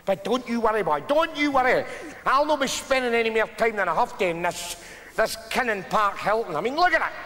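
A scruffy Glasgow wise-guy, Glaswegian accent, high bright lively voice, blunt and sarcastic, reverberant live theatre. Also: fairly quick. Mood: exasperated. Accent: Glaswegian Scottish. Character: scruffy sardonic Glasgow street philosopher, middle-aged man. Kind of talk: live stage sitcom performance. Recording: reverberant live theatre stage with audience noise.

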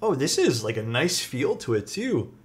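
A man's voice: medium pitch, sing-song, normal speed, slight background noise. A man talking casually on a live stream as he unboxes keyboard parts and thanks his chat. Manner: thanks chat, muses aloud while unboxing. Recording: faint music behind.

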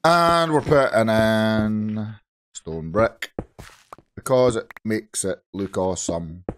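A Scottish man with a hoarse, groggy voice, chatting casually to viewers while playing Minecraft on his channel. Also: on the low side, slow pace. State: hoarse from shouting. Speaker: gaming channel host. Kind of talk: casual Minecraft let's play commentary.

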